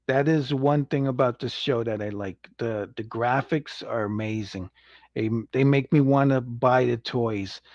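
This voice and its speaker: A man's voice: mid-range voice, measured pace, a little mellow, dry recording. A man hosting a casual livestream review. He rambles, chuckles often and acts out quotes. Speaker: show host reviewing an animated series. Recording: dull lo-fi, dry sound.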